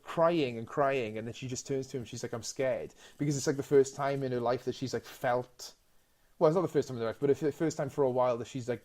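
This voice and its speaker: A man co-hosting a casual podcast chat, animated and excitable, stumbling over restarts as he retells movie scenes. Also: mid-range voice. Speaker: podcast co-host.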